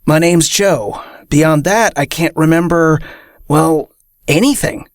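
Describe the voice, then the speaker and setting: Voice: mid-range voice, takes it slowly, no room sound, clean studio sound. A reader voicing an affable, bewildered man who has lost his memory. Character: confused amnesiac man, affable.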